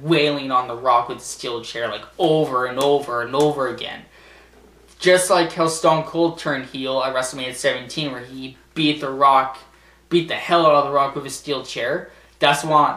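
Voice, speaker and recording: A man's voice: mid-range voice, pushed and bright, echoey room. A man vlogging casually, rambling and sarcastic, swearing and laughing at his own jokes. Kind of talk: casual commentary vlog.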